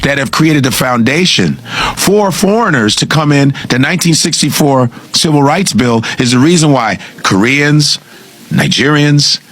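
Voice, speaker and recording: A man with a husky voice, talking emphatically and profanely as an interview guest. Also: fairly high pitch, lively intonation, measured pace, fairly bright tone. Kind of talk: casual interview talk.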